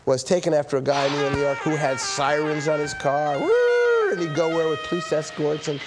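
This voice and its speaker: A man's voice: fairly high pitch, level tone, a little fast, loud music behind the voice. A man being interviewed, recalling the film's making enthusiastically. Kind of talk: interview recollection. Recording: noticeable background noise.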